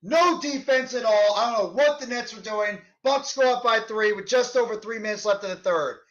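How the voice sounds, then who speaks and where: A man doing fan play-by-play of a basketball game, shouting on big plays and fuming at the referees. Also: high-pitched, normal speed, muffled recording. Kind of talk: live play-by-play commentary.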